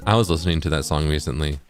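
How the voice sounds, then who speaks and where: A male streamer chatting casually while playing a game, relaxed and chuckling, reading viewer messages aloud. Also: rumbling low, fast talker, faint music behind. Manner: relaxed, chuckling, sprinkles Japanese phrases, reads chats aloud.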